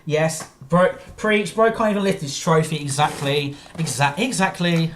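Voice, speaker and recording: A woman's voice: low voice, moderate pace, reverberant, slight background noise. A woman streamer ranting profanely in exasperated reaction commentary.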